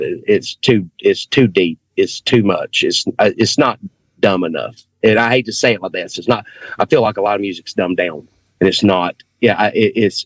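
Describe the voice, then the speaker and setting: A man's voice: deep voice, no echo. A man with a thick Southern accent, a rock singer talking earnestly and emphatically on a video call as a guest. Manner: earnest, emphatic, repeats himself for stress. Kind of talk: casual conversation on a video call.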